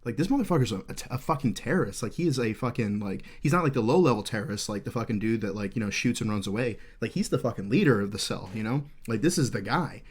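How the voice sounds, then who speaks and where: Swearing in nearly every sentence, a man in his thirties tells a story on his podcast in casual, rambling talk full of fillers, intense and earnest throughout. His mid-range voice is expressive and slightly rough, moving quickly with few pauses.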